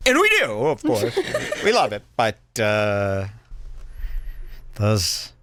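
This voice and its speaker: A man hosts a podcast in a dry, close-mic studio sound, rambling and emphatic with his opinions. His voice jumps around a lot in pitch as he talks. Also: a bit bright, no echo. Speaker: podcast host. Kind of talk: casual chat, movie review.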